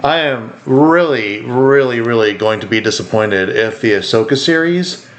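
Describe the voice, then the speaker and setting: Rambling animated male podcast co-host. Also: medium pitch, moderate pace, slight background noise. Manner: rambling, animated, acts out quotes. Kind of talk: casual chat.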